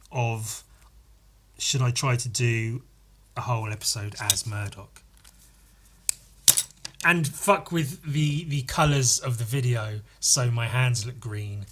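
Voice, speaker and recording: A man's voice: mid-range voice, pushed and bright, a little hiss or hum. A man hosting a solo podcast, rambling and self-mocking and swearing freely. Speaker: podcast host. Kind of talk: casual solo podcast chat.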